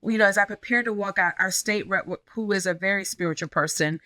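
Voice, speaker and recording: Bright-voiced woman pastor telling a story. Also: mid-range voice, fast talker, no room sound. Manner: animated, acts out quoted dialogue. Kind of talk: conversational interview storytelling.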